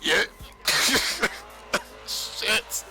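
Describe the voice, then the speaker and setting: A man's voice: very slow, bright, forceful tone, soft background music, rough recording. A young man rambling casually on a livestream, profane and boastful, laughing often. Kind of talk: rambling casual stream monologue.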